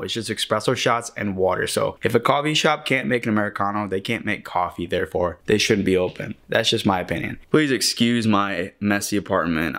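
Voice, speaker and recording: A man's voice: on the low side, a bit bright. A young man from Michigan, a vlogger and actor, chatting casually to camera in a self-deprecating way and laughing often. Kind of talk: casual vlog chat to camera.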